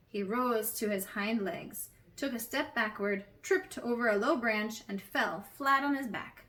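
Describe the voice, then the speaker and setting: A woman narrating a storybook aloud in a gentle, measured way. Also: on the high side. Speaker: audiobook reader.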